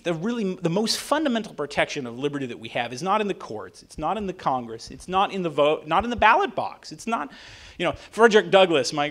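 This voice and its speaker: A man giving a lively speech to a dinner audience. His voice sits high and swings widely in pitch, and he keeps checking in with the crowd by asking "right?". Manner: animated, often asks "right?". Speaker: attorney and author giving a talk.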